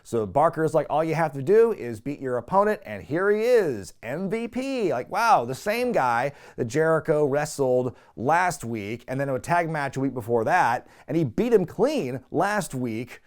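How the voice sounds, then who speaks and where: A man's voice: on the high side, very animated, unhurried, hardly any pauses. A man hosting a casual recap show, talking animatedly and laughing often as he slips into quoted voices. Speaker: wrestling recap podcast host.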